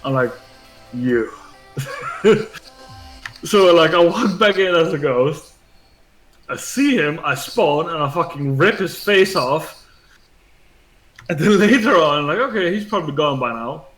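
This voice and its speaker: A man's voice: a little high, animated, unhurried, long pauses, fairly bright tone. Profane, rambling gamer man in echoey room. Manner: rambling, profane storytelling full of fillers. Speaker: gaming streamer. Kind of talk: casual gaming chat. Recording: echoey room with faint game music.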